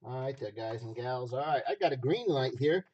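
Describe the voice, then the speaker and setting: A hoarse man running a live stream auction, repeating phrases as he hypes each item from a basement room. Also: mid-range voice, lively intonation, moderate pace, darkish tone, lo-fi sound.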